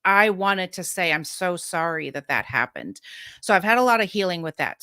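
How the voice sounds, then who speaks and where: A woman's voice: fairly low pitch, bright, forceful tone, smooth, no room sound, studio quality. A woman in her fifties, a podcast guest telling her personal story candidly, frank and emphatic, laughing between points.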